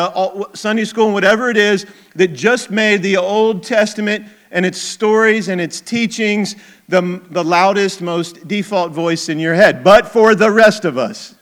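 Pastor, male, middle-aged; slightly high, bright voice; chatty sermon delivery with emphatic points. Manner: conversational, chuckling asides, emphatic.

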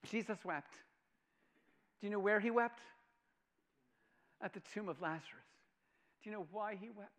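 High, bright-voiced man preaching a sermon. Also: normal speed, long pauses. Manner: dramatic swings from loud proclamation to hushed near-whisper; repeats phrases for emphasis and asks the audience questions.

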